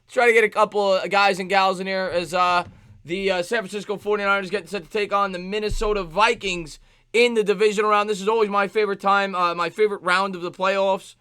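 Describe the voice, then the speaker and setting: A man hosting a live sports stream, greeting chat viewers by name in quick shout-outs. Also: high-pitched, fairly even intonation, smooth, dry recording.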